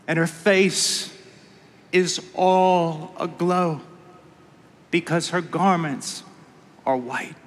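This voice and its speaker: A man preaching in a big conference hall, his voice high and unhurried, each phrase drawn out with weight. He goes from quiet, hushed lines to fervent cries, and the sound rings with long reverb. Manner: impassioned, swings from hushed to shouted. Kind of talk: conference sermon.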